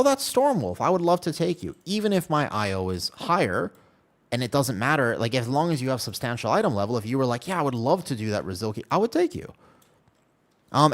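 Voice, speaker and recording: A man streaming a game live, chatting casually and animatedly with his viewers, with keyboard typing behind him. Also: medium pitch. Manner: chatty, animated, talks to chat by name. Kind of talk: casual live-stream chat while gaming.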